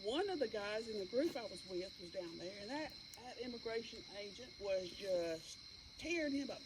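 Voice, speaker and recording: An older woman from Alabama with a Southern US accent, telling an animated story in casual chat. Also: mid-range voice, moderate pace. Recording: noisy outdoor recording.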